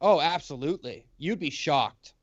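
A man co-hosting a podcast in casual chat, swearing often and talking in animated, talkative runs. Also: on the high side, normal speed, dry recording, highs cut off. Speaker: podcast co-host. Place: lives in Alabama.

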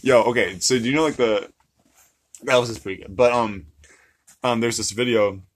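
A man's voice: medium pitch, normal speed, a little hiss or hum. A young man in casual, playful chat, rambling and laughing often.

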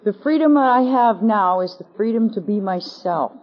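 A woman's voice: mid-range voice, animated, normal speed. Canadian woman sharing her story at a convention, dry humor, muffled old tape sound. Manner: wry, self-mocking storytelling. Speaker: speaker at a recovery convention. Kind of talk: personal testimony to an audience. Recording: dull lo-fi 1980s convention tape.

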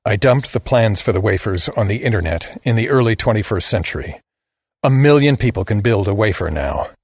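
Male audiobook narrator, husky and low, measured, grave first-person read, dry close mic. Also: expressive, a little mellow, no echo. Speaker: story narrator.

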